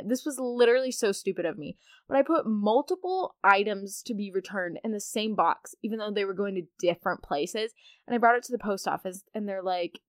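A woman's voice: medium pitch, very animated, a little fast, a bit bright, no room sound, clean studio sound. A teenage girl hosting her own podcast, chatting casually and rambling on with self-mocking asides. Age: late teens. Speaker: podcast host. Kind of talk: casual solo podcast chat.

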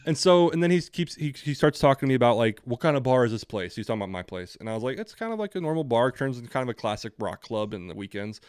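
Fast-talking profane young man ranting. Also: medium pitch, big pitch swings, a little mellow, smooth, no echo, studio quality. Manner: profane, ranting, acts out both sides of dialogue. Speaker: podcast co-host. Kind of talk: casual storytelling chat.

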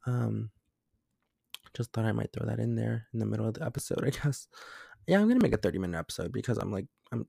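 A young man talks on his own podcast late at night from his bedroom, rambling through filler words in a gravelly, mellow voice. He sounds scared and worn out. The sound is dry and close. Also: fairly low pitch, expressive, fast, no room sound. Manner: rambling, jumpy, with many fillers. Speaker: podcast host. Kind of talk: casual solo podcast chat. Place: bedroom at home.

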